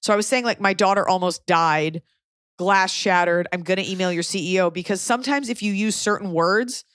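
A woman's voice: mid-range voice, a little fast, dry recording, clean studio sound. A woman comedian hosting a podcast, telling stories in casual chat and acting out other people's lines. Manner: animated storytelling, acting out quotes.

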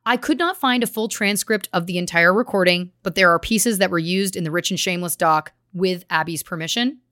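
A woman's voice: on the low side, fairly quick, fairly bright tone, no echo, clean studio sound. A woman co-hosting a true crime podcast, reading case details with earnest, grave emphasis. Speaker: podcast co-host.

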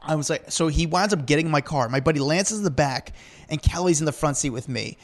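A podcast guest with a slightly high voice tells stories rapidly and animatedly in casual chat. He rambles and fills his speech with "like."

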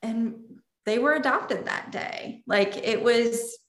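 A woman's voice: a little high, slow. A woman telling a personal story in an interview, earnest and openly emotional. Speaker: interview guest. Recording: roomy echo.

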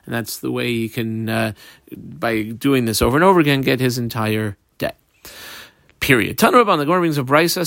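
A man's voice: mid-range voice, gravelly, a bit bright, no echo, studio quality. A man teaching a text study class, reading each term aloud and then explaining it in plain words, step by step. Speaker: Talmud teacher.

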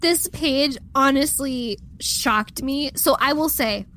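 A woman co-hosting a podcast in casual chat, animated and quick to laugh. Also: high voice. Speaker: podcast co-host.

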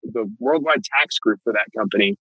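Older man, host, husky voice, dry mic. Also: on the low side, moderate pace, no echo, phone-quality sound. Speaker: podcast host. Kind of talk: conversational interviewing.

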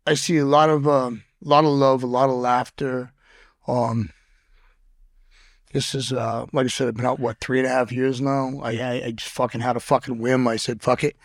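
A man's voice: mid-range voice, level tone, moderate pace, dry recording, studio quality. Blunt, cursing man telling stories. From Boston. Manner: profane, blunt storyteller with frequent stammered restarts. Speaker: podcast guest. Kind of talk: casual interview storytelling.

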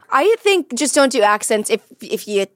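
A woman hosts a comedic advice podcast in a brisk, upbeat way, cutting in to move things along. Her voice sits fairly high for a woman. It is recorded close and dry, with no room sound. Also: sing-song, no room sound. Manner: brisk, moves things along, laughs often. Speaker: podcast host.

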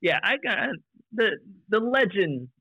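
A man's voice: high-pitched, sing-song, measured pace, slightly rough, no echo, highs cut off. A man co-hosting a podcast, chatting casually and teasing the guest. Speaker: podcast co-host and umpire. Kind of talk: casual chat.

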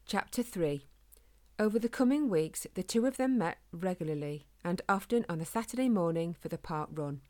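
A woman reading a children's storybook aloud in a calm, gentle, steady way. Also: fairly low pitch, moderate pace. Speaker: narrator.

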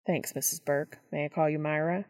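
A woman voicing a gruff, stubborn male monster hunter in a storybook reading. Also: low voice, fairly even intonation, brisk, darkish tone, natural voice. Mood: tense.

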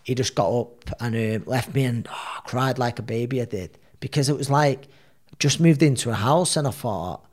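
A man's voice: mid-range voice, moderate pace, darkish tone. Rambling man telling a story. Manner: rambling, re-enacts dialogue. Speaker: professional boxer. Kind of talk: casual storytelling.

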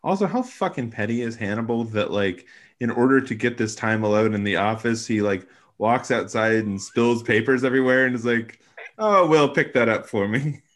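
A man's voice: lowish voice, a little fast, few pauses. A man co-hosting a podcast, recapping an episode in casual chat with wry, sarcastic asides and casual swearing. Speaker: podcast co-host.

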